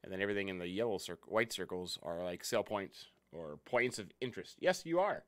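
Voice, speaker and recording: Animated man streaming a farm game. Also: sits low, brisk. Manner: chatty, greets viewers by name. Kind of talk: casual let's-play commentary.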